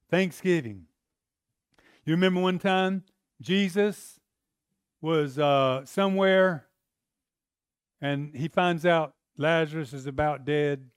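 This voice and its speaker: A man preaching a sermon, emphatic and conversational, swinging from loud to hushed and acting out scenes. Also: on the high side, no echo, studio quality.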